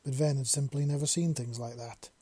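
A man narrates a story in a measured, unhurried way. His voice is dark and husky. It is recorded close and dry. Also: medium pitch, fairly even intonation, no room sound.

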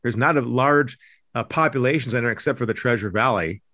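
A man's voice: mid-range voice, a little fast, sharp tone, no room sound, studio quality. A man hosting a political talk podcast, talking emphatically and indignantly with frequent restarts. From Idaho. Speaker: podcast host, news editor.

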